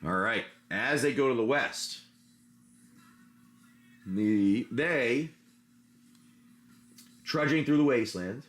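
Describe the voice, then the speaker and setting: A man with a mid-range, fairly bright voice talks slowly with long pauses over soft background music. He's hosting a laid-back trading card stream, opening packs and chatting to viewers as he sorts cards, talking while handling them. His chatter rambles and circles back, then slides into an adventure story he invents on the spot.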